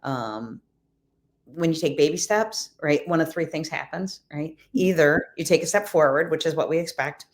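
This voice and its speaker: Woman, lowish voice, podcast guest, animated storyteller, quotes people with feeling. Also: normal speed. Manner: animated, acts out quoted dialogue. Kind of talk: casual storytelling.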